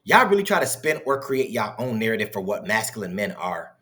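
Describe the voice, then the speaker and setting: A man's voice: on the low side, very animated, a little fast, bright, forceful tone. A man hosting a reaction commentary, mocking and incredulous, heated and profane as he talks back to a clip. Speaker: commentary host reacting to clips.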